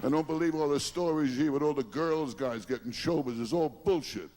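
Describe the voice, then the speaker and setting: Brash stand-up man, slightly high voice, rapid one-liners, chuckles at his gags, noisy tape. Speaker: stand-up comedian. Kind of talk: stand-up comedy routine.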